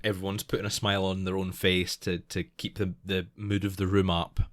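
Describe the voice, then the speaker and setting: A man's voice: sits low, little pitch movement, fairly quick, dry recording, clean studio sound. A man co-hosting a casual podcast, talking in a rambling way with frequent laughs and restarts. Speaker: podcast co-host. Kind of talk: casual chat.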